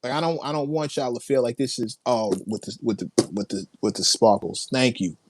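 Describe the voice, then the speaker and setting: A man's voice: medium pitch, a little fast, background noise. A man hosting a casual livestream, reacting to viewer comments with hyped, laughing energy, playful slang and lots of repeated phrases. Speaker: livestream host.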